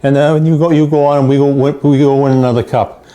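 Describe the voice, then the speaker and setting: A man's voice: medium pitch, little pitch movement, quick pace, warm tone, natural voice. A man putting on a jovial male customs officer who teasingly waves travelers through. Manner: breezy, waving people through, teasing.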